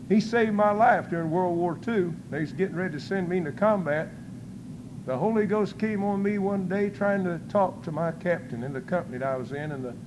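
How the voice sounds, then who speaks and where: High-voiced older preacher. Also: male voice, noisy background. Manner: folksy storytelling with shouted praise. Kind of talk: sermon testimony.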